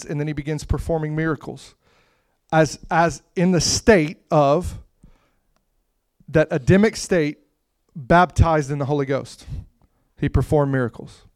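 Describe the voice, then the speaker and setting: Impassioned preacher, fairly high dry voice. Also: male voice, no room sound. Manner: impassioned, building to loud emphatic peaks. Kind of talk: sermon.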